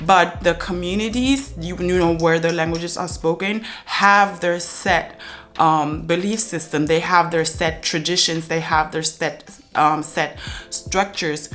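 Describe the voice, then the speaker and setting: A woman's voice: fairly low pitch, fairly bright tone. A young woman talking casually to camera as a language-learning vlogger, chatty and thinking aloud with fillers and restarts. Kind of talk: casual explanatory talk to camera.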